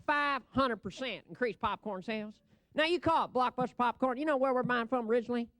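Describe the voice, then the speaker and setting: A man's voice: very high-pitched, quick pace, fairly bright tone, dry recording. A man giving a comic, ad-libbed stage presentation at a convention. He talks into a podium microphone, rambles brashly and laughs at his own jokes.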